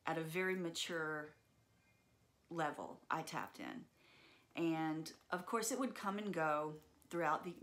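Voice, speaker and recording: A woman's voice: sits low, a bit bright. A woman telling a personal story in an earnest, reflective way, with frequent fillers.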